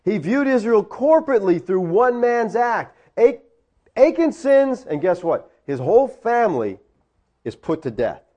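A man's voice: sits high, big pitch swings, unhurried, dark tone, highs cut off. A man delivering a teaching sermon, explaining words from the Greek and driving points home with rhetorical questions. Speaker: preacher.

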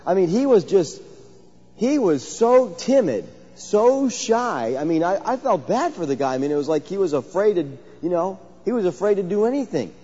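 A man's voice: sits high, very animated, normal speed, dark tone, slightly rough. A man, a pastor, preaching a conversational sermon and telling stories to his congregation. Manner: conversational, storytelling, asks the congregation questions. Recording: dull, lo-fi sound with long hall reverb.

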